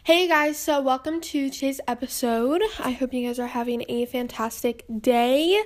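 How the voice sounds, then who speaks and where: A woman's voice: high voice, normal speed. A young woman hosting a casual podcast from home, out of breath, chatty and rambling. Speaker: podcast host. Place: home, indoors.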